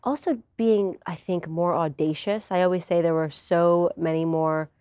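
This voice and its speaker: A woman's voice: fairly low pitch, moderate pace, a little mellow, clean tone, dry recording, clean studio sound. A young woman telling her personal story in an earnest conversational interview. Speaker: guest.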